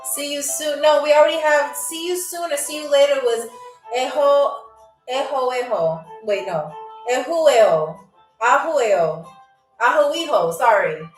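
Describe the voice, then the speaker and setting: A woman hosting a live game show stream, chatty and playful, laughing often and sounding out foreign words slowly as she reads out viewers' messages. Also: sits high, animated, recorded from a distance. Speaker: livestream game show host. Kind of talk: casual livestream hosting, reading out chat. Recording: echoey room, voice set back from the mic, faint music.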